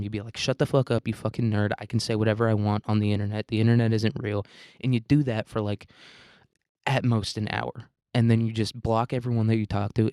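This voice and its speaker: A man with a fairly low voice, recorded dry and close with no room sound. He talks as the host of a solo podcast, rambling and swearing freely. He mocks himself and breaks into laughter often. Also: dark tone, dry recording. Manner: rambling, profane, self-mocking, laughs often. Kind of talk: casual solo podcast monologue.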